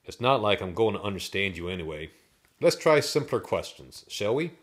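A good-natured farmer talks in a folksy, chatty way and scolds gently, as a man reading a storybook puts him on. The voice is pitched a little above a low, lively reading voice. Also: moderate pace. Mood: friendly.

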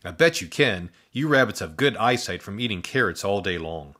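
A man voicing an excitable, chatty young boy who talks in high, eager bursts. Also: moderate pace. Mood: excited. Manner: high, eager, breathless outbursts.

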